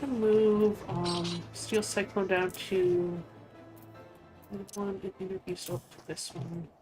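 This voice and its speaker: A woman streaming a game, talking quietly to herself with fillers and self-corrections. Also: medium pitch, level tone, unhurried. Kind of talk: casual gameplay commentary. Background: faint game music.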